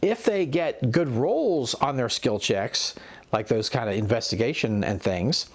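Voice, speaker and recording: A man calmly explaining tips for running tabletop games, measured and instructive. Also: mid-range voice. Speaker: contributor giving advice.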